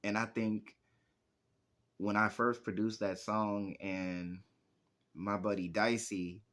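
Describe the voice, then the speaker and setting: Young man, very low voice, rambling, lots of fillers, casual interview. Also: level tone, slow, a bit bright. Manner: rambling, heavy use of "like" fillers. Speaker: music producer and rapper.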